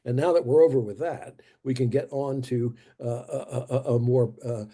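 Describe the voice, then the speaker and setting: Husky, dark-voiced male lecturer. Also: mid-range voice, fairly even intonation. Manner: deliberate, halting, repeats key phrases for emphasis. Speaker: guest lecturer. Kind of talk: history lecture. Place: church.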